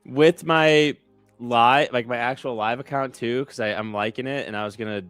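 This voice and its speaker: Bright-voiced excitable man trader. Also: medium pitch, moderate pace, clean tone, faint music behind. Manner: excitable, laughs and yelps at trade losses. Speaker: live trading show co-host. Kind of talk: casual chat.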